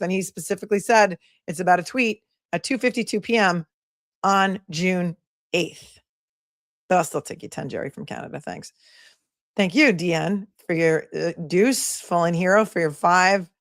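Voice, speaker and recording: A woman's voice: on the low side, fairly even intonation, normal speed, dry recording, studio quality. A woman attorney hosting a casual livestream, reading viewer messages aloud and thanking them in a chatty, affectionate way.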